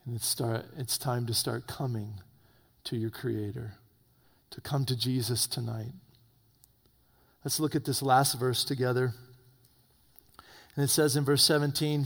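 A man preaching an evening sermon, swinging between loud urgent peaks and low hushed warnings. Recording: long reverb of a hall.

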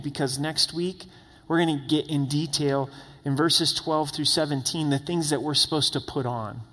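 A man's voice: fairly high pitch, in a large hall. A man preaching a sermon as pastor, conversational, with tag questions and voiced quotes. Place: church sanctuary.

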